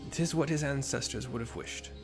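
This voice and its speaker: A man's voice: mid-range voice, normal speed, creaky, music in the background, natural voice. A man reading the lines of a wise old male mentor in a game, in a reflective, formal way.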